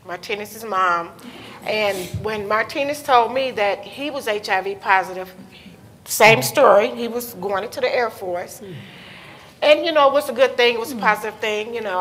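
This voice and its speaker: A woman with a slightly high voice gives personal testimony at a conference panel. She talks candidly and emotionally, sometimes nervous and close to tears, into a handheld mic in a hall. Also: a bit bright. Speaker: panel speaker, mother. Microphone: handheld microphone.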